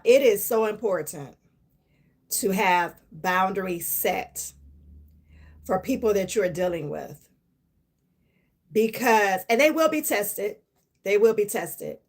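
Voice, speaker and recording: A middle-aged woman hosting a live stream, giving a casual motivational talk in a chatty, emphatic way and laughing often. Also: medium pitch.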